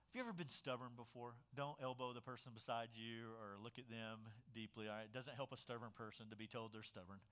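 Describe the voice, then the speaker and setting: A man preaching a sermon, telling stories with lively swings between loud emphasis and quiet asides. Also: mid-range voice, a little fast. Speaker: pastor.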